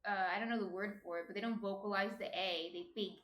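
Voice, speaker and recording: A woman with a New Jersey accent chats casually during a baking stream in her home kitchen, reading viewer comments aloud. She talks fast in a steady, medium-pitched, slightly bright voice, and the room sounds echoey.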